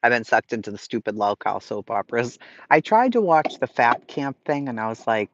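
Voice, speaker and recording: A man's voice: medium pitch, sing-song, a little fast, slight background noise. A man with a Boston accent hosting a livestream, reading out chat messages and ranting bluntly with lots of swearing. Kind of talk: casual chat. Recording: slightly lo-fi stream audio.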